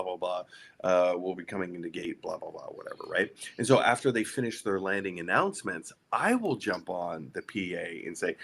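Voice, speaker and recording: A man's voice: low-pitched, moderate pace, gravelly, fairly bright tone. A man who works as a flight attendant, telling stories in a casual chat. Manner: chatty, many fillers.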